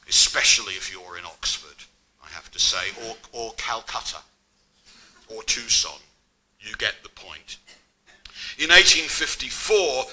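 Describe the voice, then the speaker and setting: A man's voice: medium pitch, bright, forceful tone, poor audio. A middle-aged man giving an academic public lecture, mixing scholarly narration with wry asides.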